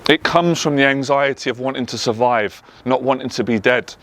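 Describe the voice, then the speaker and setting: A man's voice: mid-range voice, moderate pace, a bit bright. A man with a London accent, a motivational speaker telling his personal story in an earnest, emotional way, stacking up repeated emphatic phrases. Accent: London English. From England. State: tearful at times. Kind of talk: personal testimony monologue.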